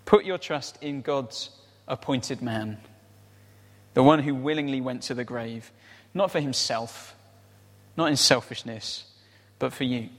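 A man's voice: medium pitch, measured pace. A man preaching a conversational sermon, often tossing in rhetorical tag questions. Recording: reverberant hall.

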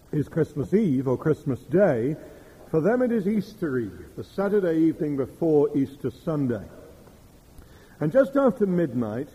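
A middle-aged man preaching a sermon, telling stories in a measured way. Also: fairly high pitch, warm tone, rough recording. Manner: measured storytelling with quoted Russian phrases.

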